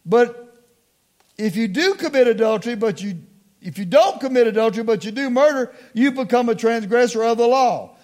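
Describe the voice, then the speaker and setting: A middle-aged man preaching a sermon, calling on the congregation to respond, slowing down to stress key words and dropping into quiet asides. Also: very high-pitched. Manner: call-and-response preaching, slows for emphasis, drops to hushed asides.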